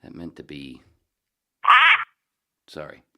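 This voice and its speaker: Deep-voiced, swearing podcast host. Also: male voice, steady tone, takes it slowly. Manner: rambling, swearing, joke-telling, chuckling at himself. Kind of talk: casual rambling podcast monologue.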